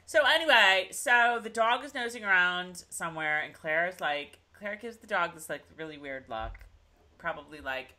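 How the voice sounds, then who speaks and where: A woman co-host talks through a recap in a loose, chatty way, full of fillers and side comments. Her voice is bright and forceful, and her pitch swings widely as she talks. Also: animated, normal speed. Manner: chatty, lots of fillers and asides. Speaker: podcast co-host. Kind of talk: casual recap chat.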